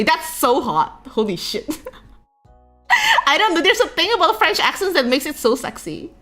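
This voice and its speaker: Giggly Indonesian woman streamer, bright. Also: sits high, expressive, moderate pace, soft background music. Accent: Indonesian English with a touch of Singlish. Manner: chatty, giggly, lots of fillers. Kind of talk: casual chat.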